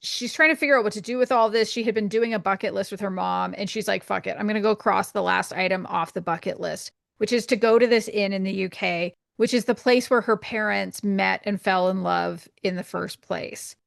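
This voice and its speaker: Gravelly Canadian woman, dry close sound. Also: mid-range voice, no echo. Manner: rambling explanations, quick asides, frequent laughs. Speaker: podcast co-host. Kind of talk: casual chat.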